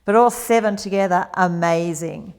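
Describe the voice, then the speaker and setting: Gentle woman guiding yoga exercises. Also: on the low side, normal speed, clean tone. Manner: gentle, encouraging, chatty asides. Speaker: yoga teacher. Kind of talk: guided exercise instruction.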